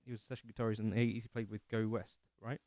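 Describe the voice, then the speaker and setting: A man's voice: fairly low pitch, flat delivery, very fast. A man hosting a casual livestream from his living room, rambling and self-deprecating as he answers chat comments. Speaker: livestream host.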